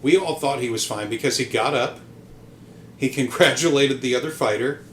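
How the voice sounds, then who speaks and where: A podcast host with a mid-range, fairly bright voice tells a casual story at a moderate pace, rambling and hesitant, full of ums and restarts, with some casual swearing. A little hiss or hum is audible.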